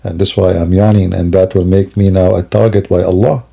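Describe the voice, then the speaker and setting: Sleepy home streamer, man, dark gravelly voice, rambling monologue. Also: deep voice, level tone, fairly quick. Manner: rambling, broken grammar, many fillers. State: sleepy and yawning. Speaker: Christian apologist streamer. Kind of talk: casual live-stream monologue. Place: home, at a computer at night.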